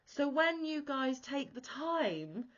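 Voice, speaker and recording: A woman hosting a crochet channel, chatting casually to camera in a gushy, excitable way. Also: sits high, slow pace. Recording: dull lo-fi audio.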